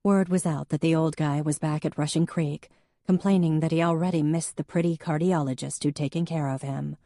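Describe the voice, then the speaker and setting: A woman narrating an audiobook in an even, measured storytelling manner. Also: sits low, dry recording, studio quality.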